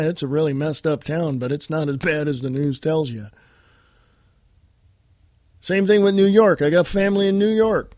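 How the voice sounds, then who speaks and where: Male podcast host, American, high voice, combative monologue, dry close sound. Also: no room sound. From United States. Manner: blunt and combative, addressing listeners directly. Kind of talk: political talk monologue.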